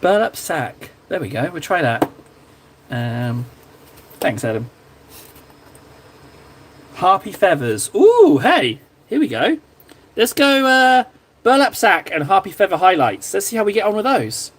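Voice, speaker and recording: Husky and high-pitched, with big pitch swings, a measured pace, and long pauses, a man talks while painting miniatures on a live stream. His casual chatter is self-deprecating and rambling, easily pulled off topic.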